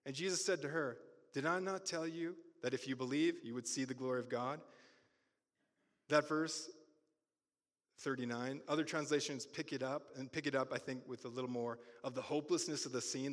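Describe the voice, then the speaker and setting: Man, pastor, sermon, animated storytelling with loud bursts, church hall reverb. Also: mid-range voice.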